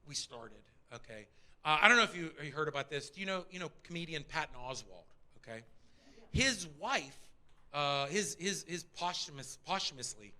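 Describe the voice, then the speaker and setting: A middle-aged man doing stand-up on stage, energetic and profane, swinging from loud bits to muttered asides. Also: a little high, normal speed. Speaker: stand-up comedian. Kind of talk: stand-up comedy set. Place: theater stage before a live audience.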